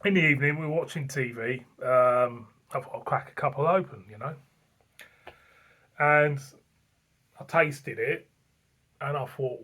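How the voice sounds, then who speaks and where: Hosting a beer review channel, this man tells a rambling anniversary vlog story, repeating himself and filling it with fillers and chuckles. His mid-range voice is bright and forceful, moving at a moderate pace broken by long pauses.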